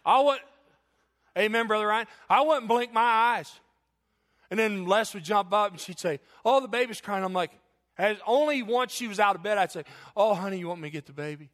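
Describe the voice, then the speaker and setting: A man preaches a sermon in a homespun, earnest manner. His voice sits high for a man. He circles back on his phrases as he warms to his point. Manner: folksy, earnest preaching with repetitions and asides. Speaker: pastor.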